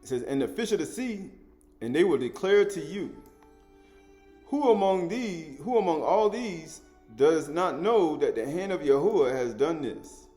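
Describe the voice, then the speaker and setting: A man preaching a sermon, teaching in an animated way, repeating and restating his words and chuckling as he goes. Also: fairly high pitch, a little slow, soft background music.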